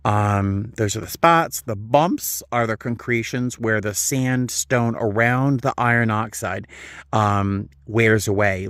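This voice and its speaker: A man rambles cheerfully while filming himself on a stroll through the desert, breaking into delighted exclamations. He talks casually and warmly to his viewers. His voice sits at an ordinary pitch, recorded outdoors on a handheld camera. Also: no room sound, studio quality. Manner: chatty, easily delighted, exclaims often. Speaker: vlogger. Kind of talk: casual walking vlog.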